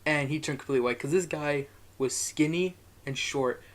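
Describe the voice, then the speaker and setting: A man's voice: on the high side, moderate pace. A young man telling a rambling, profane story in a casual monologue, chuckling as he goes.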